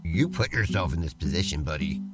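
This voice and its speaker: Man, comedic podcast host, game master, teasing, lively pitch, music behind. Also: a little fast. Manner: eager, teasing. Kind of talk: comedic role-play podcast banter.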